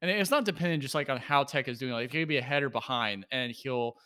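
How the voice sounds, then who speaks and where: Guy co-hosting a podcast, bright clear voice, rambly and full of "like"s. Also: medium pitch, fast. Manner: rambling, lots of "like" fillers, laughs often. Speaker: podcast co-host. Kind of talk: casual chat.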